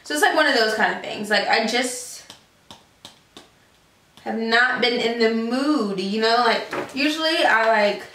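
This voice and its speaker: A woman's voice: fairly high pitch, measured pace, bright, forceful tone. A young woman vlogging casually to camera, rambling with lots of fillers and slang. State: out of breath. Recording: echoey room, far from mic.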